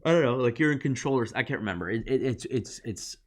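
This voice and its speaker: A man's voice: mid-range voice, expressive, fast. A man co-hosting a casual review podcast, retelling scenes at length and acting out lines of dialogue. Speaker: podcast co-host.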